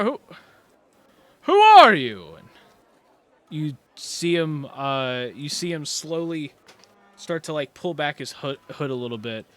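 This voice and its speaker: A man's voice: on the high side, fairly bright tone. Rambling male game master narrating. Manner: rambling narration, many fillers and restarts.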